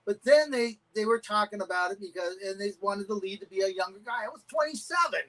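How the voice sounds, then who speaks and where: Animated middle-aged man telling stories. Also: sits high, fast, rough recording. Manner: animated anecdotes with acted-out quotes. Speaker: guest, karate champion and stuntman. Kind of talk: casual storytelling interview.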